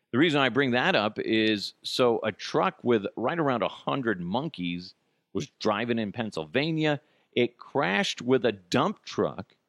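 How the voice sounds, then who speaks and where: Profane, gravelly man ranting comically. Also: no room sound. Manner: animated, sarcastic, swearing, jumps into high mocking voices. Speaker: comedic commentary host. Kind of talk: profane comedic news rant.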